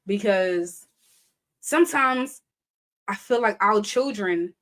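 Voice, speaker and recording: Animated woman hosting a live chat. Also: mid-range voice, takes it slowly, pauses often. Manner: animated, conversational, laughs often, reads viewer comments aloud. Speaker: live show host. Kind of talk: casual live-stream chat.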